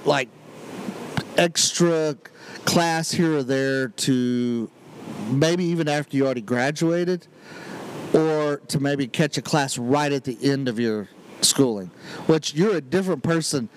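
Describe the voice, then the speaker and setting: A man's voice: on the high side, measured pace. Podcast guy in a car, earnest and a little stubborn, laughs a lot, some vehicle noise. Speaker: podcast co-host. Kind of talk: casual chat. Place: moving vehicle. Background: road noise.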